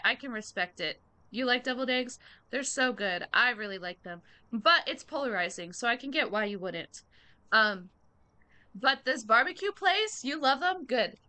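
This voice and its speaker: A woman live-streaming a game, with a clear, bright tone and an unhurried, drawn-out way of talking. She chats casually with her viewers in loose slang and hums to herself between remarks. Her voice sits a touch higher than most women's. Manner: chatty, relaxed, hums idly between remarks; slangy, talks straight to chat.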